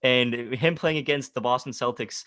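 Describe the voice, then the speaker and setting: Excitable guy co-hosting a sports podcast, mid pitch, dry close sound, laughs a lot. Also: moderate pace, dry recording. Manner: excitable, laughs often, retells his own reactions. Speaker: podcast co-host. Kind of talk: casual sports chat.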